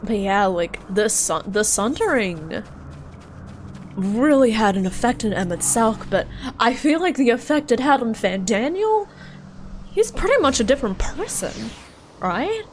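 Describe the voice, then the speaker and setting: A woman's voice: on the high side, sing-song, unhurried, a little hiss or hum, low-quality recording. A young woman streaming a game, chatting casually, giggly and rambling, sleepy and yawning. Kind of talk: casual gaming commentary.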